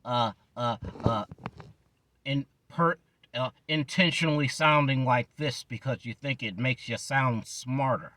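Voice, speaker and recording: A man mocking a put-on soft-spoken, overly proper voice with the bass taken out. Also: measured pace, no room sound. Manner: mocking, exaggerated lightness.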